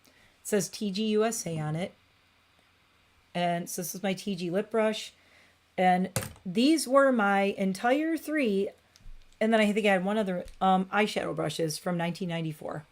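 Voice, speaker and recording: A woman's voice: mid-range voice, normal speed. A woman in her forties chatting casually on a beauty livestream from her home bathroom, rambling and cooing at her cat.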